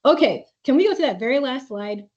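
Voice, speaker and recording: A woman's voice: sits high, animated, a little fast. Woman answering parents' questions in a webinar. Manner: reads parent questions aloud, then coaches warmly with filler words. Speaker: webinar presenter. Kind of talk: live webinar Q&A. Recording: dull lo-fi webinar audio.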